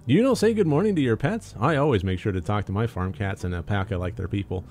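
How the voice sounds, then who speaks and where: A man's voice: lowish voice, expressive, fast talker, a little mellow, faint music behind, natural voice. A man voicing a chipper, over-eager young woman housecleaner who gushes and chatters. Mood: bubbly. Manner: bubbly, gushing.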